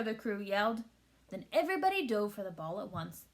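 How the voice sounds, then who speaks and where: A woman reading a children's picture book aloud with expressive storytelling. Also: mid-range voice, normal speed. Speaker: teacher.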